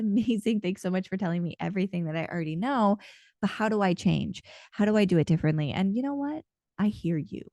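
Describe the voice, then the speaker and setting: A woman with a mellow, warm voice talks through a channeled card reading. She speaks casually and earnestly, rambling with plenty of fillers. Her voice sounds close and dry, with no room around it. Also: medium pitch, dry recording. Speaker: intuitive card reader and channeler.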